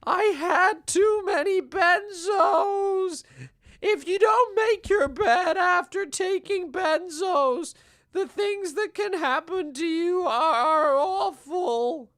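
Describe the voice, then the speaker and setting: A man doing a mocking impression of a weepy older male self-help author, with a tearful quavering sob in his voice and a slow, drawn-out wail. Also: very high voice, fairly bright tone, voice pushed up, full character voice. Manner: slow, drawn-out wailing delivery.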